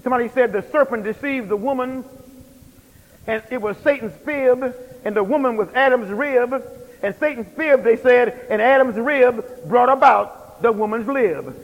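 A man's voice: very high-pitched, normal speed, highs cut off. A man preaching a sermon with emphatic, rhythmic delivery and repeated phrases. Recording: long hall reverb.

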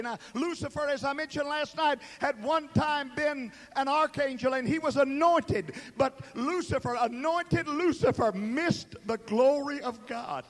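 A man preaching a sermon, swinging between fervent shouting and hushed, slow emphasis, with dramatic repeated words. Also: extremely high pitch, expressive.

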